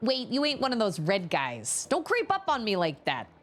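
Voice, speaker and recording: A woman reading out a jumpy, gruff male mole creature from a video game. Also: medium pitch, wildly swooping pitch, moderate pace, a bit bright. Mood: startled.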